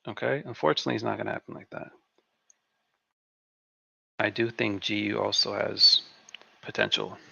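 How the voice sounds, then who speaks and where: A man talks through a live trading session in a relaxed way, often repeating himself. His voice is heavily gravelly yet bright and forceful, and sits a little low. The audio is dry and dull, like a lo-fi desk mic. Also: normal speed, long pauses, no room sound. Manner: laid-back, repeats phrases to himself. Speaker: trading stream host. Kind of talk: live market commentary.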